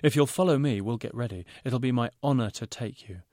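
A man voicing a fussy male fashion designer who talks in rapid, pompous salesman's patter. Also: medium pitch, a little mellow, dry recording, studio quality, lightly acted. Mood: courteous eager.

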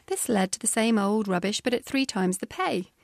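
A woman's voice: medium pitch, lively intonation, moderate pace, vocal fry. A British woman reads from her memoir aloud, her delivery wry and drily funny. Her voice sits mid-range and sounds close and dry, with no room echo. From Britain. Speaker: author.

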